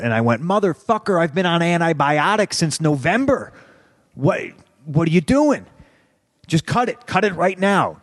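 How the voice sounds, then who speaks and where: A man, a podcast guest telling candid stories in a profane, heated, animated way. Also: lowish voice, no room sound, clean studio sound. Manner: profane, heated, animated retelling with rising outbursts. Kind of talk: candid storytelling interview.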